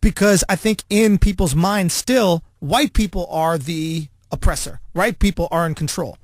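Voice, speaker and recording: A man's voice: high voice, no room sound. A man co-hosting a casual podcast, joking and cursing as he argues. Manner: rapid, joking, profane. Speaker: podcast co-host.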